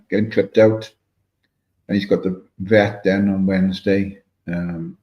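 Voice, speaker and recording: A man's voice: lowish voice, dark tone. A man from Wales with a Welsh accent, rambling in casual chat and greeting viewers by name as he hosts a livestream. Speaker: livestream host reading chat. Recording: echoey room, dull lo-fi sound.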